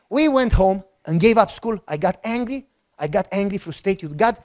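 Animated Romanian-accented male pastor. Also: high voice, a little slow. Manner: animated, joking storyteller acting out dialogue. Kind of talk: sermon storytelling.

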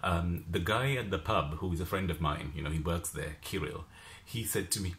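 A man from Sri Lanka telling a story in a casual vlog, exasperated and animated. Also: low-pitched, brisk. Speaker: vlogger.

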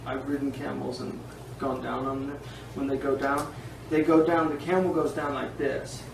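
A man teaching Islamic law in an informal classroom lecture, animated and digressive, often laughing. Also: mid-range voice, moderate pace, gravelly. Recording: echoey room, distant mic, faint hiss.

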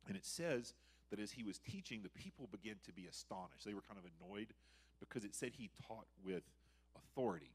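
Lively, husky-voiced man preaching. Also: fairly low pitch, fairly quick. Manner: conversational, animated, acts out quotes. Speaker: guest preacher. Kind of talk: sermon. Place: church sanctuary.

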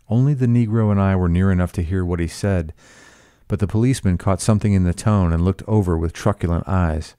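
Male narrator, measured classic-lit reading, deep smooth voice, dry close sound. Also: warm tone, dry recording. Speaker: audiobook reader. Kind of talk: scripted novel narration.

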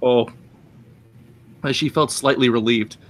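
A man's voice: medium pitch, takes it slowly, a bit bright, a little hiss or hum, poor audio. A man hosting a stream, reading a crude story aloud to his friends and often breaking into laughter. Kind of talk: casual streaming chat.

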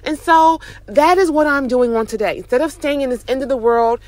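Young mom vlogger, animated and preachy-encouraging, fairly high voice, recorded dry and close while driving. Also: female voice, fairly quick, no room sound. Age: young adult. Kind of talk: casual motivational talk to camera. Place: in a car, driving.

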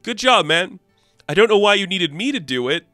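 A man's voice: sits high, big pitch swings, moderate pace, bright, forceful tone, dry recording, soft background music, pitched above the performer's own voice, exaggerated voice. A man voicing a confident woman warrior who speaks in a breezy, upbeat way.

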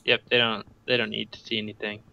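A co-op player chatting casually during a game, making dry, deadpan quips. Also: mid-range voice, fast talker, creaky, highs cut off. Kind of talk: casual gameplay chat.

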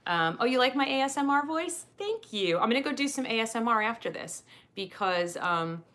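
Bright-voiced woman chatting over a doll unboxing. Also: on the high side, animated, brisk. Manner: chatty, goofy, answers viewer questions as she goes. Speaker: doll review channel host. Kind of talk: casual live chat while unboxing a doll.

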